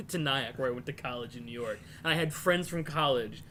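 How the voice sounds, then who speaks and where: A man's voice: medium pitch, normal speed, pushed and bright, slight background noise. A man in his twenties co-hosting a casual podcast, joking and laughing often. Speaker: podcast co-host. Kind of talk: casual chat.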